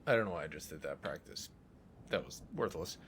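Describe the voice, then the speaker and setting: A man's voice: very deep voice, animated, a little fast, a bit bright, a little hiss or hum. A man streaming a game, commenting live in a self-deprecating, apologetic way.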